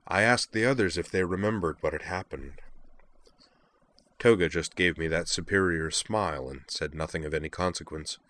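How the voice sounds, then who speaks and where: Man playing a troubled young man, deep voice, quiet, reflective, measured. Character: troubled young man recounting lost memories.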